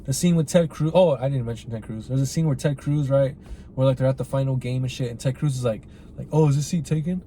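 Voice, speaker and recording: Rambling, profane man with a mellow voice. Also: mid-range voice, fairly even intonation, quick pace, a little hiss or hum. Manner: rambling and profane, heavy use of "like" and "right?". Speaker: podcast host reviewing a film. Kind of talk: casual spoken review.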